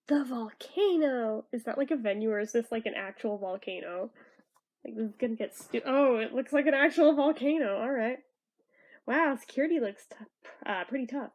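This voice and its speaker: Giggly chatty woman host, high voice, casual comic read-along with wry asides. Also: normal speed. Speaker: video host reading a comic aloud.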